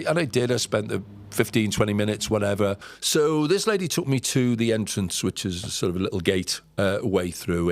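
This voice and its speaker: A man with a low, gravelly voice tells a travel story in an earnest, reflective way. He halts often and repeats words as he searches for the next phrase. The sound is close and dry. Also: no echo. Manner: halting, with many fillers and repeated words. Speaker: podcast guest recounting travels. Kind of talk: conversational storytelling.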